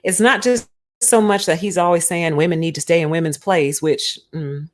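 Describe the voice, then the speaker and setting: Brief: lower-voiced woman, emphatic streamer talking casually about faith. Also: fairly even intonation, normal speed. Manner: emphatic and conversational. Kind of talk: casual spiritual commentary.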